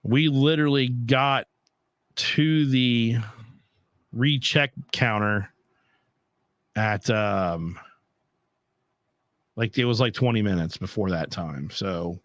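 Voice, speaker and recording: A man's voice: medium pitch, slow, pauses often, no echo. Young guy ranting about his trip, cursing constantly, dry mic. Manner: profane, animated ranting. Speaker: podcast host. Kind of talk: casual storytelling.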